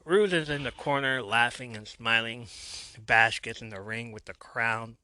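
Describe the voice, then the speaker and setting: A man's voice: medium pitch, measured pace, pushed and bright, smooth, dry recording, faint music behind. A man hosting a podcast, narrating a recap of a TV episode in a storytelling way and lightly playing the quotes. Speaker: podcast host.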